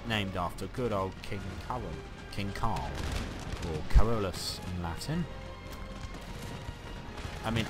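A man giving chatty, sarcastic running commentary on a strategy game he is playing. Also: mid-range voice. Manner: chatty, sarcastic, mock-exasperated. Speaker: let's play host.

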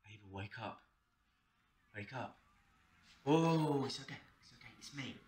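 A man's voice: medium pitch, lively intonation, measured pace, a little mellow. A man playing a young man who earnestly pleads with his frightened brother, speaking tenderly, in a student short film drama. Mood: pleading. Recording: echoey room from a distance, music under.

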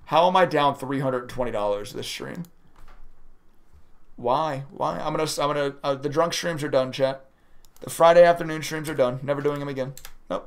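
A man's voice: fairly high pitch, normal speed. A young man streaming his day trading live, talking casually to his chat, frustrated and swearing as he reads messages. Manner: frustrated, swearing, chatting to viewers.

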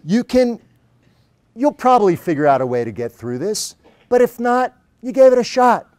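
A cheerful male coach with an Australian accent, teasing and upbeat, as a man puts him on. His voice sits high and leaps around lively. The sound is close and dry. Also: moderate pace, dry recording. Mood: cheery, teasing. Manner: cheerful, teasing, pep-talk tone.

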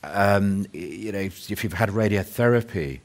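Low-voiced earnest man on a panel. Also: normal speed. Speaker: panel speaker. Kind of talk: casual panel discussion.

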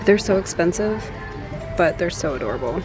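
A woman's voice: lowish voice, expressive, moderate pace, loud music behind the voice. A young woman in her twenties chatting in a casual vlog, bubbly and gushing, with lots of "like" fillers, filmed on a phone at home, in a car and in stores. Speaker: vlogger.

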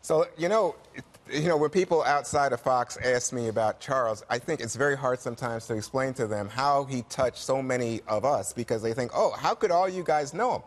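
A man's voice: medium pitch, brisk. A man co-hosting a panel talk show, chatting casually and passing questions to the other panelists. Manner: conversational, passes questions to others. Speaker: co-host leading the panel.

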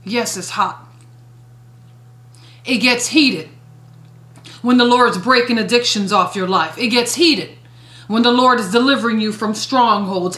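A woman's voice: a little high, fairly bright tone, reverberant. A woman evangelist delivering a fiery sermon, emphatic and swooping, with strong rises and sudden drops in force. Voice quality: emphatic, swooping preacher cadence.

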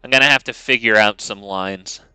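A man's voice: lowish voice, moderate pace, bright, forceful tone, clear, resonant tone, no echo, soft background music. A man streaming a card game who rambles in casual commentary, swearing freely and restarting his sentences often. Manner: rambling and profane, frequent restarts.

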